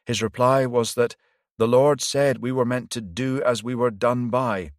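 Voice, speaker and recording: Guy doing a nervous young priest, higher voice, shaky and faltering, dry close sound. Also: steady tone, measured pace, no room sound, lightly acted. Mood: anxious. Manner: anxious, faltering. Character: young frightened male priest.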